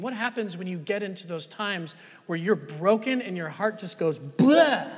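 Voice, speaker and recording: Bright-voiced pastor preaching in a reverberant church. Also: male voice, sits high, slightly rough. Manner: swings between loud emphatic lines and hushed, near-whispered ones; animated, conversational preaching with rhetorical questions. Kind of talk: sermon. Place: church sanctuary. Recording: long church-hall reverb.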